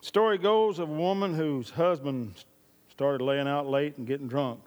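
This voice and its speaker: A man's voice: a little high, normal speed, muffled recording. A man preaching a sermon as pastor, emphatic and repeating his key lines, with folksy storytelling. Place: church. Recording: long reverb of a large hall.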